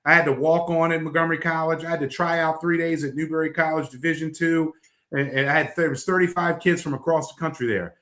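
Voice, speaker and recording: Blunt rambling coach, bright voice. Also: male voice, fairly high pitch, steady tone, fast, echoey room. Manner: blunt, rambling, lots of fillers and restarts. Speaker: basketball coach. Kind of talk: casual podcast chat.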